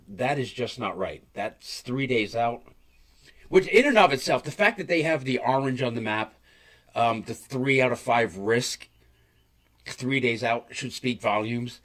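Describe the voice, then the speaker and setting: A man hosting a weather forecast show, talking bluntly and emphatically, repeating his warnings and swearing freely. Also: mid-range voice. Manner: blunt, profane, emphatic and repetitive. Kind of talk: casual weather forecast talk.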